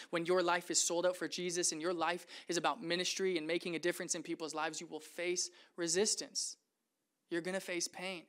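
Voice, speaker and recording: A male pastor preaching a sermon in an animated, playful way, acting out scenes and joking with the congregation. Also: high-pitched, smooth.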